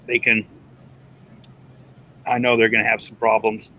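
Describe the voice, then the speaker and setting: A man telling a story in casual chat, animated and mimicking other people's lines. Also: on the low side, measured pace, a little hiss or hum. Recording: muffled lo-fi stream audio.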